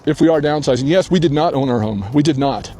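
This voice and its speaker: A man's voice: fairly high pitch, fast, mellow. An older man hosting a personal vlog, speaking earnestly while crying, outdoors on a hillside. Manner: earnest, tearful, heartfelt. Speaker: channel host.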